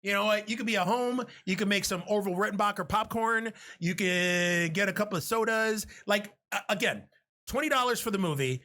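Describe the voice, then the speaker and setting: High, bright-voiced man chatting casually. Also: fairly quick. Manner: profane, rambling, joking. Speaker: podcast co-host. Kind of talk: casual chat. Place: home podcast setup.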